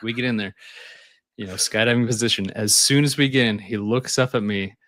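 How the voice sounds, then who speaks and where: A man's voice: fairly low pitch, a little fast, no room sound, clean studio sound. A man guest on a podcast, telling stories casually and animatedly, laughing often. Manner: animated, laughs often, acts out voices in anecdotes. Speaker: guest, skydiving instructor. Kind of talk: casual storytelling.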